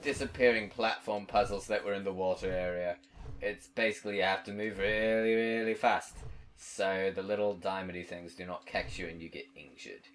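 A man's voice: low-pitched, steady tone, normal speed, a bit bright, a little hiss or hum. An English man commentating his own gameplay, who swears a lot and shrieks and screams in frustration. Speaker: let's play commentator.

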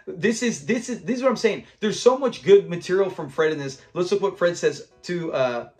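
A man's voice: sits high, expressive, moderate pace, a little mellow, soft background music. A young man hosting a classic TV channel, casually and enthusiastically recapping an episode, retelling scenes and laughing along.

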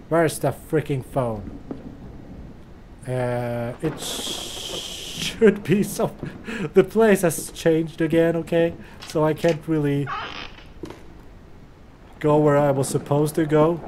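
A man streaming a horror game, talking slowly and casually with a slightly high voice. He reacts aloud as he plays, chatty and prone to swearing. Faint noise sits under him. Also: darkish tone. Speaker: gaming streamer. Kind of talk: horror game let's play commentary.

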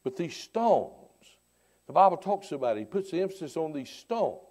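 Man, preacher, lively high-pitched delivery, dramatic swings from hush to shout, repeated rhetorical questions, church sermon. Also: normal speed. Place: church sanctuary.

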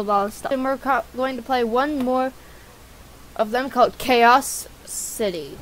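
A woman giving casual gameplay commentary for her channel. She is excitable and breaks into yelps and shouts at the game, and her voice is high. Faint noise sits underneath. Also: low-quality recording. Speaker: gaming channel host.

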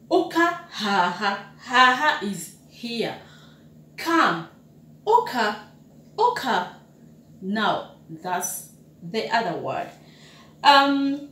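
Young adult woman, language teacher, very slow patient delivery, repeats words, echoey room, off-mic. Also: fairly high pitch, very animated, bright, forceful tone, distant mic. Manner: slow, patient, repeats each word several times. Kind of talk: casual language lesson. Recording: echoey room, voice away from the mic, faint background noise.

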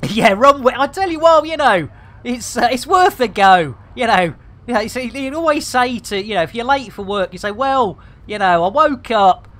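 A man's voice: very high-pitched, expressive, moderate pace, pushed and bright. A middle-aged British man giving chatty, exclamatory commentary on a live game stream, full of playful catchphrases. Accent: British English. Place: home room with air conditioning.

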